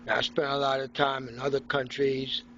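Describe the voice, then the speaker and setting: A man's voice: mid-range voice, monotone, normal speed, sharp tone. A man from Haiti delivering an angry, rambling, profane monologue as a personal video log from a hospital room. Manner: ranting, profane, mocking. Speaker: vlogger recording a personal log. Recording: dull lo-fi with faint noise.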